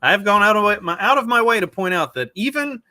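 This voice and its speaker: A man's voice: high-pitched, lively intonation, fast, bright, forceful tone, no echo. A man co-hosting a podcast, sarcastic and wry. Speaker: podcast co-host. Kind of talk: casual chat.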